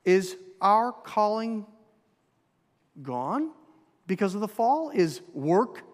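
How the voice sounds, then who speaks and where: Minnesotan preacher, slightly high voice. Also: male voice, very animated, takes it slowly. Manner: asks the congregation questions, emphatic. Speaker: pastor. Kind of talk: sermon. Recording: long hall reverb.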